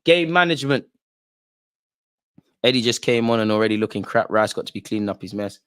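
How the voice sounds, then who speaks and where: Excitable young man. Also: lowish voice, very fast, clear, resonant tone. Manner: excitable, slangy, pleading with players. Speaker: football watch-along host. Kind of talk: live reactive commentary to viewers.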